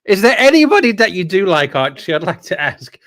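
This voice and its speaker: Chatty man, slightly high voice. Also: big pitch swings, a little fast, a bit bright. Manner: chatty, reacts with swearing and exclamations. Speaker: livestream co-host. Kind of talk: casual livestream banter.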